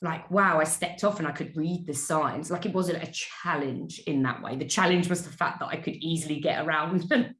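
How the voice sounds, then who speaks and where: A woman's voice: low-pitched, moderate pace, hardly any pauses, a bit bright, roomy sound. A woman hosting a casual chat, asking engaged questions about travel.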